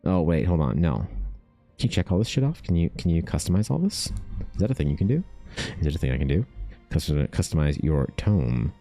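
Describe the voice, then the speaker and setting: A young man streaming casually, excitable and thinking aloud, swearing freely as he chats. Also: deep voice, a little fast, soft background music. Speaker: art streamer. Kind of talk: casual livestream chat.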